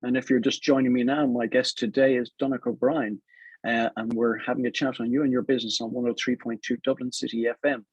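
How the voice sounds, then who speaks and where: A man's voice: medium pitch, little pitch movement, quick pace, slightly rough, dry recording, dull audio. A man hosting a radio interview show, guiding his guest along with conversational prompts. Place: radio studio.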